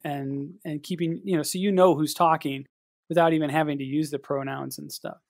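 A man co-hosting a casual writing podcast, talking in a measured, hesitant way with many fillers. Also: a little high, steady tone, gravelly, dry recording, clean studio sound. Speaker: podcast co-host and editor.

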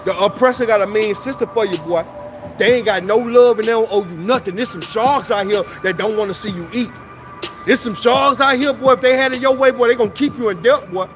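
High-pitched preachy man streaming outdoors. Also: brisk. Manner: preachy, repetitive, slips into sing-song. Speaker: motivational streamer. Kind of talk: preachy motivational livestream rant. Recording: music playing loud in the background.

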